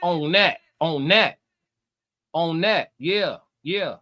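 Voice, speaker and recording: Brash, high-voiced trash-talking streamer man. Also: drawn-out words, bright, forceful tone. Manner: brash, profane, taunting, repeats himself. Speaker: streamer reading chat. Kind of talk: live reaction stream, trash talk.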